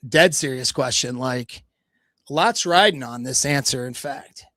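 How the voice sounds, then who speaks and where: A man playing a nonchalant, deadpan flirt. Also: mid-range voice, unhurried, dry recording, studio quality.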